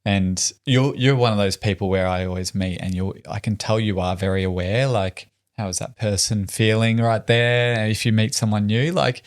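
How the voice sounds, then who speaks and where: A man hosts a podcast interview, listening closely and asking thoughtful follow-up questions. His voice sits low in pitch. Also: steady tone, normal speed, few pauses. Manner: attentive, warm listener with frequent affirmations. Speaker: podcast host. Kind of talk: interview conversation.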